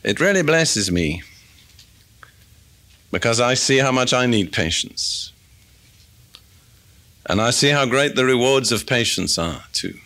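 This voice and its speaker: Male preacher, bright clear tone, conversational Bible teaching, reads verses aloud. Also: mid-range voice, lively intonation, a little slow, long pauses. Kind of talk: expository sermon.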